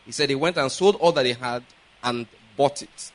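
A man's voice: mid-range voice, normal speed, rough recording. A man preaching a sermon, earnest and repetitive, often checking that his listeners follow. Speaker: pastor.

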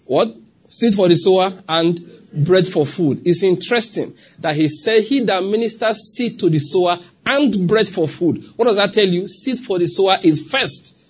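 A Nigerian man preaching a sermon in a church. His voice is husky and sits a little high. He acts out small scenes and keeps checking that the congregation is following him. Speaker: pastor.

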